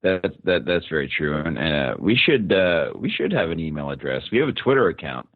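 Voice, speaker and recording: A man's voice: very deep voice, very animated, a little fast, dry recording, phone-quality sound. A young man co-hosting a casual podcast, joking around with many restarts. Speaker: podcast co-host. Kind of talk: casual chat.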